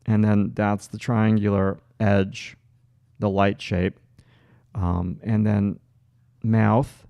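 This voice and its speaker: A low, gravelly man with a Long Island accent talks through a drawing demo. He thinks aloud as he works, breaking off into fillers and restarts. The sound is dry and close. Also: level tone, slow, warm tone, dry recording, muffled recording. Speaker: art instructor. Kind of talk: livestream drawing demonstration.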